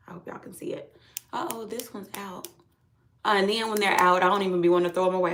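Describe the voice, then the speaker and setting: A woman's voice: mid-range voice, fairly bright tone, a little hiss or hum. A woman chatting casually to her viewers while doing her makeup on a livestream, often calling them "y'all". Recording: echoey room.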